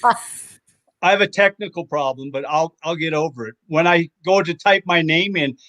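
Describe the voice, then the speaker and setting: Bright-voiced joking man. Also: a little high, moderate pace. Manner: good-humored, joking. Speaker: game contestant. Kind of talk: casual banter.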